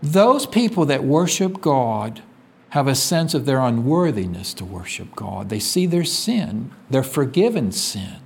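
Lively-pitched preacher man. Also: a little slow, gravelly. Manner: call-and-response questions, reads scripture aloud; swings from loud emphatic peaks to quiet low drops. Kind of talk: sermon.

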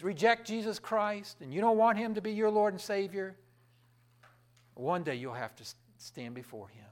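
Swinging between loud, emphatic highs and low, quiet lulls, a man delivers a sermon with fervour. He keeps asking the congregation questions, then supplies the answers himself.

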